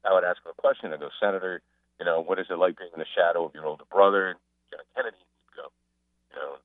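A man chatting casually as a guest on a radio show, an animated storyteller who mimics the people he describes. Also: sits low, quick pace, no room sound. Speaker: sports broadcaster and guest. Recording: phone line.

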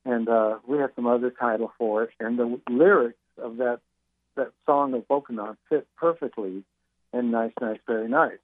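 A man's voice: medium pitch, moderate pace, no echo. An older man, a musician guest in an interview, telling stories with many fillers and restarts. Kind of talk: interview over the phone. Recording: tinny phone line.

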